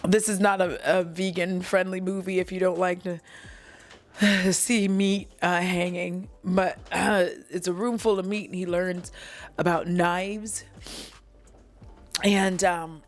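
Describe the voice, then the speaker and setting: A woman's voice: lowish voice, level tone, slow pace, faint music behind. A woman at home casually recapping a movie, giggling and chuckling her way through it with apologetic asides. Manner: giggly, keeps breaking into laughter mid-sentence; self-deprecating, apologetic asides.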